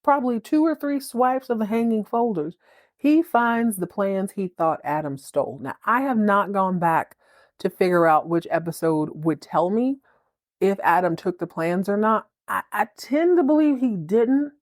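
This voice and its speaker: A woman hosting a podcast, recapping a TV drama in a casual, playful, slangy way with quick acted-out bits of dialogue. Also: medium pitch, dry recording, studio quality.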